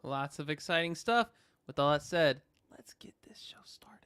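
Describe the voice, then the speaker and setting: A man hosting a casual podcast, talking upbeat and energetic about the show. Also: a little high, normal speed, over loud music. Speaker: podcast host.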